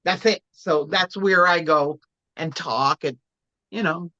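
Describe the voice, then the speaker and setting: A woman from Puerto Rico chatting casually as a guest, telling stories in an animated way. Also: low voice, slow, highs cut off. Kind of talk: casual chat.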